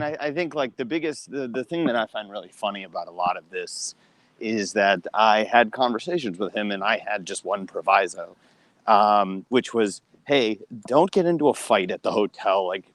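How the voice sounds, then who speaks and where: A man's voice: fairly low pitch, normal speed, fairly bright tone, dry recording, low-quality recording. A man on a casual podcast who makes dry, wry remarks.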